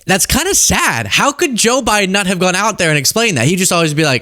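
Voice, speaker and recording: A young man hosting casual political commentary, animated and jokey, laughing at his own rhymes. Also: high voice, a little fast, no echo, clean studio sound.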